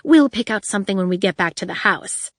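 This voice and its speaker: A woman's voice: mid-range voice, expressive, no echo, lightly acted. Lady putting on a vain flashy villainess, drawly and over the top, dry close sound. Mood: drawling. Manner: drawling, theatrical, drawn-out words. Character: flamboyant glamorous female supervillain, vain.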